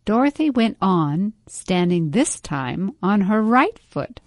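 A woman narrating a storybook in a calm, even manner. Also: mid-range voice, takes it slowly.

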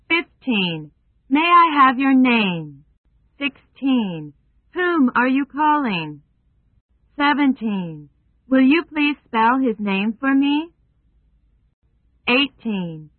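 A woman reading a numbered list of phrases for learners in slow, careful, even delivery. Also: fairly high pitch, dry recording. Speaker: English phrase reader. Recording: tinny phone-like sound.

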